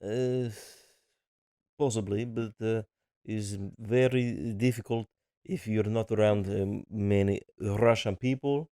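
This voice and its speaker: A man's voice: on the low side, fairly even intonation, takes it slowly, mellow, clean tone, no room sound, clean studio sound. A man co-hosting a podcast, chatting casually and joking with his partner. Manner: laid-back, joking. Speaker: podcast co-host. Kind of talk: casual chat.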